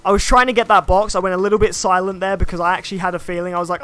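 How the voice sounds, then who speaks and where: A man's voice: high voice, rapid-fire, fairly bright tone. A young man chatting casually while streaming a video game, rambling and reading viewer comments aloud. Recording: faint game music behind.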